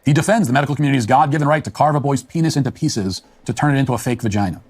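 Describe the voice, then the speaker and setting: A man's voice: mid-range voice, very fast, a little mellow. A man delivering a scripted political commentary monologue in a scathing, emphatic manner.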